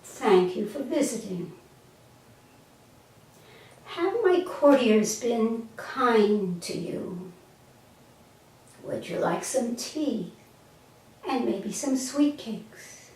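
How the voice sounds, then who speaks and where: A woman voicing a calm, kind prince who speaks gently and courteously, recorded from a distance in an echoey room. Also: fairly high pitch, very slow, pauses often. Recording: echoey room, mic far off.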